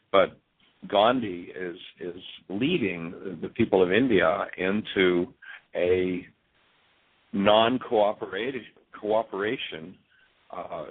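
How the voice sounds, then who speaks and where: An earnest man talks as a radio guest, telling stories with frequent restarts. His voice is low and husky. It comes through a tinny telephone line. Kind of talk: radio interview talk.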